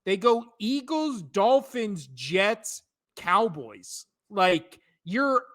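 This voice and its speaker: A young man co-hosting a podcast in casual chat, talking fast, swearing freely and laughing often. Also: sits high, sing-song, fairly bright tone. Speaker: podcast co-host.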